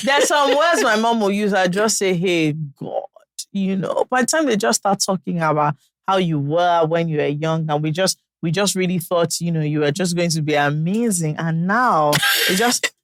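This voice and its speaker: A woman with a Nigerian accent, co-hosting a podcast and telling stories in animated casual chat, with sudden exclaiming bursts. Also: on the low side, moderate pace, dry recording. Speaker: podcast co-host.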